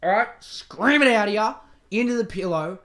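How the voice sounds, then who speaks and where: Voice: medium pitch, normal speed. A podcast host rambling through a casual solo monologue, swearing freely and poking fun at themselves. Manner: profane, rambling, self-mocking; lively, swings between mutters and outbursts.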